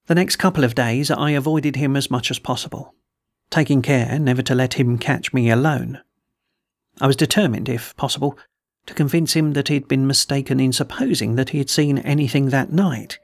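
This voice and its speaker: Gravelly man reading a story. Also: medium pitch, no room sound, clean studio sound. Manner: measured, storytelling. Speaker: audiobook reader and podcast host. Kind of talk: audiobook narration.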